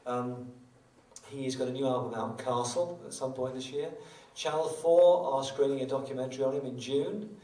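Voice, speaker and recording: Older guitarist chatting from a roomy stage. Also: male voice, mid-range voice, fairly even intonation, normal speed, mellow. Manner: chatty, self-mocking, rambling with joking asides. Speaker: guitarist performing live. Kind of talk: between-song stage banter. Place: small live music venue. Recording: roomy live venue, distant mic, guitar.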